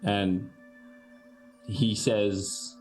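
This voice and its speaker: A man running a tabletop game, slow and halting with many restarts. His voice sits slightly low. Faint music plays behind him. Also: steady tone, darkish tone, rough recording. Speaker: game master.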